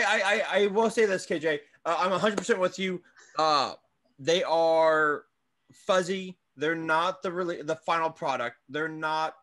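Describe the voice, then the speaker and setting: A man's voice: on the high side, fairly bright tone. A man co-hosting a casual toy podcast, joking around and chatting loosely. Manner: joking, playful, quick asides. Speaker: podcast co-host. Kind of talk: casual chat.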